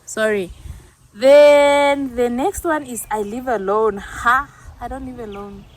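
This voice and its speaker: A woman's voice: a little high, slow. A young woman from Namibia talking casually in a vlog, earnest and reflective, often laughing at herself. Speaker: YouTuber.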